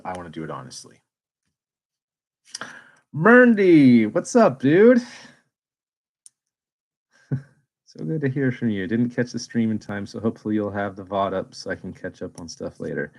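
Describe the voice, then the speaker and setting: A man hosting a casual livestream, chatting candidly and swearing freely, and now and then working himself into animated rants. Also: lowish voice, moderate pace, pauses often, rough recording. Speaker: space YouTuber and livestream host.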